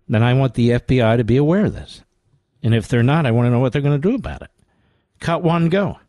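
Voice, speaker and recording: A man's voice: mid-range voice, fast talker, warm tone, no echo. Sarcastic, combative talk radio man. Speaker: radio talk show host. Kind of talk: political talk radio commentary.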